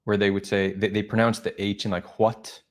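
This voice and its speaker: A male live-stream host with a lowish voice chats casually. He thinks out loud, asks questions and pads his thoughts with fillers. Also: flat delivery, a little fast. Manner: curious, thinking aloud with fillers.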